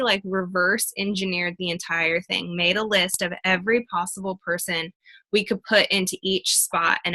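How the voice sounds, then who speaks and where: A woman's voice: medium pitch, sharp tone, rough recording. A woman coach in casual talk, upbeat and laughing, acting out what others said to her. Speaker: team coach.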